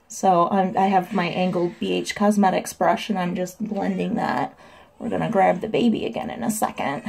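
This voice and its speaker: A woman's voice: fairly even intonation, moderate pace, vocal fry, a little mellow, a little hiss or hum. A young woman casually explaining her makeup steps at home in a makeup tutorial vlog. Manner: chatty, breaks into high sing-song baby talk. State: winded from running up stairs. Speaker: makeup vlogger.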